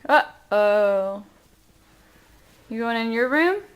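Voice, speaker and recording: A woman's voice: a little high, lively intonation, very slow, clean tone. A young mother talking baby talk to her toddler at home, coaxing and playful, recorded on a handheld camcorder. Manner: sing-song, coaxing.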